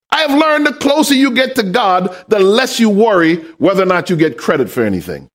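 A man pastor preaching a sermon, asking the congregation questions and building up to shouted emphasis. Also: high voice, big pitch swings, a little fast, hardly any pauses. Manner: call-and-response questions to the congregation.

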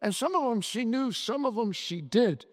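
A man's voice: extremely high pitch, lively intonation, moderate pace, in a large hall. A man retelling and reading from a short story in a conversational, thoughtful way. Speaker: story discussant.

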